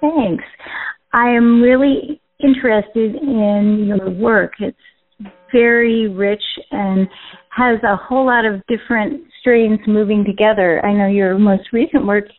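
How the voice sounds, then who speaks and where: Brief: female podcast interviewer, unhurried and measured, thin phone-like sound. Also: mid-range voice, fairly even intonation. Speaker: interviewer, host. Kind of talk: conversational interview. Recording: tinny phone line.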